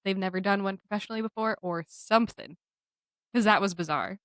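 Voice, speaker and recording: A woman co-hosting a podcast in casual chat, reacting quickly and laughing often. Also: medium pitch, no echo, clean studio sound. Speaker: podcast co-host.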